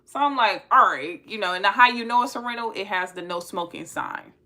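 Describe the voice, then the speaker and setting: Young woman host, bright lively voice, casual storytelling. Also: medium pitch, fairly quick. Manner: animated, laughing, slangy. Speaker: host telling a dating story.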